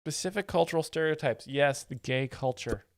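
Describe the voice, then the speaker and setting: A man hosting a live stream, giving mock-expert commentary and reading chat in a deadpan, easily distracted way. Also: a little high, normal speed, background noise. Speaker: livestream host. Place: home setup with several screens.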